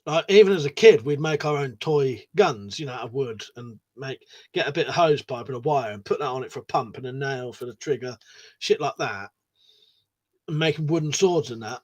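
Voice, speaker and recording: Expressive and a little fast, this medium-pitched man from the United Kingdom hosts a casual livestream. Reading out viewers' messages, he answers in a matey tone and swears without restraint.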